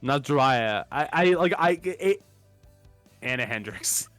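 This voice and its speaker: Man, lively pitch, dry close sound, laughing, rambling, casual stream chat. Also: slow pace, no echo, soft background music. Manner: rambling, animated, laughs often, restarts words. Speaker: streamer co-host.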